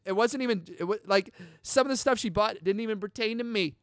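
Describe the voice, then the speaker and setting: A young man hosting a podcast, excitedly telling a personal story in casual chat, full of dude and bro. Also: sits high, brisk, clear, resonant tone, no room sound, clean studio sound. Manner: chatty and excitable, peppers talk with dude and bro. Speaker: podcast host.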